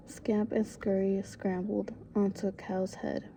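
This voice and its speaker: A woman reads a children's picture book aloud in a soft, whispery voice. Her delivery is slow and very mellow, with little pitch movement, over faint room noise. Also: level tone. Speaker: storybook reader.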